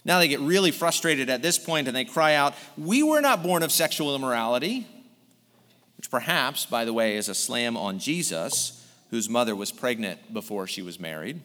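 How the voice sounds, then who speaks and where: A man's voice: mid-range voice, moderate pace, pushed and bright. A male pastor preaching an earnest sermon, explaining a text verse by verse. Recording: long hall reverb.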